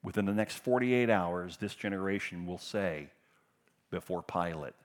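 A middle-aged man preaching a sermon, passionate, moving between loud emphatic bursts and hushed tender passages. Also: deep voice, normal speed. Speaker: pastor.

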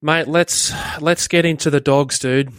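A man's voice: a little high, fairly even intonation, unhurried, a bit bright, clean tone, no room sound, studio quality. A man hosting a podcast interview, laid-back and casual, often saying mate. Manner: laid-back, says mate and dude a lot. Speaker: podcast host.

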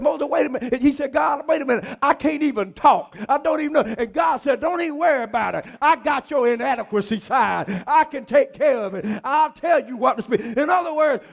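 A man preaching a sermon as pastor, climbing into high shouted peaks and calling out to the congregation. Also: gravelly.

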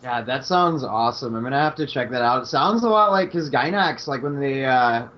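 A man's voice: mid-range voice, lively intonation, brisk, fairly bright tone. Male podcast host, easygoing and rambling, muffled lo-fi recording. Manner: loose, laughing, filler-heavy. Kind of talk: casual chat. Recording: dull lo-fi podcast audio.

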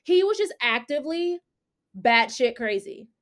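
A woman's voice: sits high, unhurried. A woman hosting a casual chat, telling a story with slang and acting out what people said. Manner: animated, slangy, acts out quotes. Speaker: podcast host.

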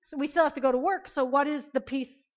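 High-voiced emphatic Bible teacher woman. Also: fast talker, muffled recording, a little hiss or hum. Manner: animated, emphatic, asks the class questions. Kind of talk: interactive Bible lesson.

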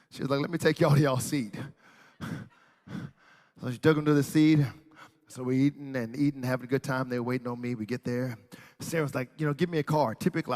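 A male pastor preaching a sermon, telling a story and then building to shouted preaching in a church. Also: mid-range voice. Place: church hall. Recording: hall reverb.

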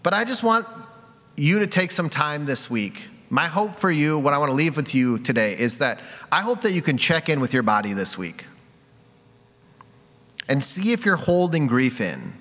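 A man's voice: a little high, big pitch swings, moderate pace, fairly bright tone. A man preaching a conversational sermon, candid and self-deprecating, with many casual fillers. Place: church sanctuary. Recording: reverberant hall.

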